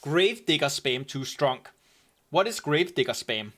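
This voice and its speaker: Here a Danish-accented man from Denmark, fairly high in pitch and moderate in pace, commands a game raid. He chats casually as he plays, giving relaxed, talkative gameplay commentary and musing aloud along the way.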